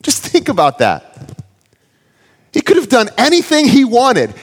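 A pastor in his thirties, his voice sitting a bit high and swinging widely in pitch, tells stories earnestly in a sermon. He becomes animated when quoting his child, and a long reverb from a large hall trails his words.

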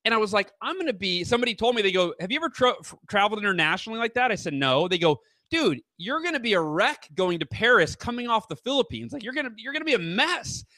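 Author guest, male, upbeat rambling storyteller, high-pitched and bright. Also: big pitch swings, fast talker, few pauses, no echo. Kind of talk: casual interview chat.

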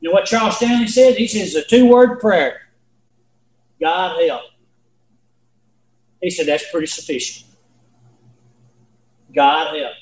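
A man's voice: sits high, animated, brisk, a little mellow, reverberant, a little hiss or hum, poor audio. A man teaching a Bible lesson in a folksy, earnest way, repeating himself and asking his listeners questions. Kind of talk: sermon.

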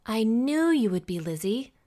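A woman voicing a giddy, chatty young woman who talks quickly and eagerly in an audiobook. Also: fairly high pitch, big pitch swings, mellow, pitched above the performer's own voice. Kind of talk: audiobook character voice.

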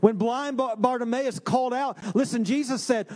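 A man, a pastor, preaching a sermon in a relaxed storytelling way with self-deprecating humor. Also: very high voice, moderate pace, few pauses. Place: church sanctuary.

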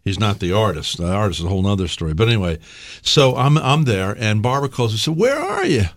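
A middle-aged man hosting a casual talk, telling stories with lively, acted-out quotes. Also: lowish voice, fast talker, no echo, studio quality. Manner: animated storyteller, acts out quotes loudly. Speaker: podcast host. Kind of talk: casual conversation and storytelling.

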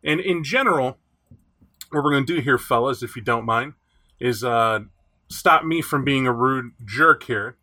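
A man hosting a podcast in casual chat, animated and chatty, reading aloud from a rulebook. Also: medium pitch, moderate pace. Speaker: podcast host.

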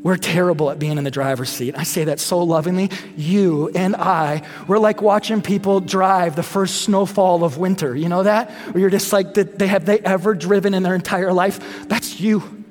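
A man's voice: sits high, fairly even intonation, normal speed. A man in his thirties, a pastor giving a sermon in a conversational way, repeating rhetorical questions to the congregation. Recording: reverberant hall.

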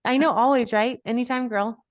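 This podcast host and life coach speaks in a slightly high, steady voice at a brisk clip. Her chat is casual and lively, with acted-out quoted voices and easy laughter, captured in a dry, clean studio recording.

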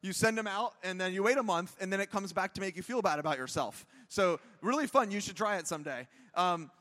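A man's voice: high voice, brisk, sharp tone, long reverb tail. A man preaching a conversational sermon to his church, chatty and self-deprecating, with lots of jokes and asides. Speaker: pastor. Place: church auditorium.

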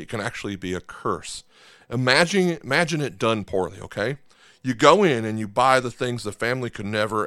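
A man's voice: medium pitch, fairly bright tone, no echo, studio quality. A man, a pastor, preaching a conversational sermon and checking in with his listeners. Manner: conversational, asks the congregation for agreement.

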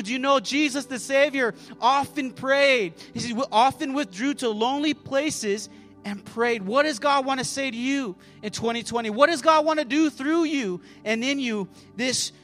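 Fervent high-voiced man preaching. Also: moderate pace, fairly bright tone, soft background music. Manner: fervent, calls out to the congregation; repeats words and restarts often. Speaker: pastor. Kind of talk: sermon.

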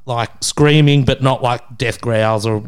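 A man's voice: medium pitch, fairly even intonation, measured pace, clear, resonant tone. A man in his thirties with an Australian accent, co-hosting a casual podcast, crude and laughing, acting out the people in his stories. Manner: crude, laughing storyteller who acts out quoted voices. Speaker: podcast co-host.

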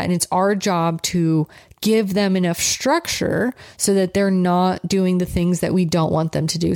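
A woman's voice: on the low side, a little mellow, dry recording, studio quality. A woman dog trainer giving casual coaching advice, chatty and direct, often checking in with "right?". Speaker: dog trainer, podcast host.

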